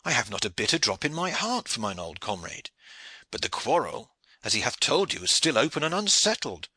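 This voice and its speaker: A man voicing a grim, vengeful older soldier, gruff and earnest. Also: mid-range voice, sing-song, brisk, sharp tone, no room sound, pitched above the performer's own voice, heavily acted.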